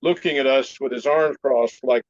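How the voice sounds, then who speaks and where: A man telling a story in a casual interview, animated and laughing often, clearing his throat now and then. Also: medium pitch, normal speed, dry recording, highs cut off. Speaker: martial arts teacher, interview guest.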